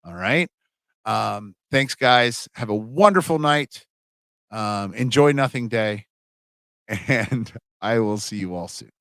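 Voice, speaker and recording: Middle-aged male instructor, low voice, dry close mic, chatty and rambling livestream lecture. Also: lively intonation, slow pace, creaky, a bit bright, no room sound. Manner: rambling, chatty, many fillers and restarts. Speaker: college humanities instructor. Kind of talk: casual livestream class wrap-up.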